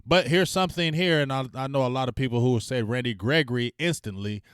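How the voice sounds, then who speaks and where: A man chats casually to his livestream audience, loose and slangy, breaking into loud shout-outs and venting. His voice is smooth and resonant. The sound is dry and close to the mic. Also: medium pitch, fairly quick, no room sound. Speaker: sports talk stream host.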